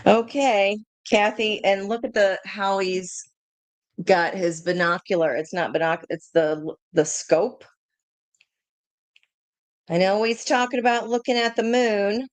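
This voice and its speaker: A woman's voice: mid-range voice, fairly even intonation, slow pace, no room sound. A woman doing a live tarot reading, thinking aloud in a chatty way, laughing often and swearing casually. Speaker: tarot reader.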